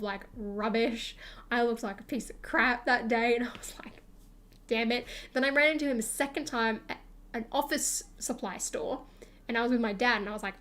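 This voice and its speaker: A woman's voice: fairly high pitch, fairly bright tone. A young woman streamer rambling through a casual storytime chat, full of fillers and acted-out quotes of herself.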